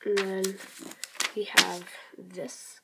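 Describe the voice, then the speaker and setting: A woman's voice: medium pitch, little pitch movement, drawn-out words, vocal fry, very noisy. A young woman in her teens from Canada, showing off new toys in a casual, rambling vlog full of ums, likes and little apologies. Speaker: toy collection vlogger. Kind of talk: casual show-and-tell vlog.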